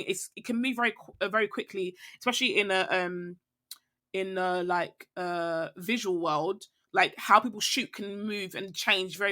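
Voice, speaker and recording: A woman with a medium-pitched, bright voice and a forceful tone talks candidly as a podcast guest. It's a casual conversation, rambling and reflective, packed with fillers and restarts.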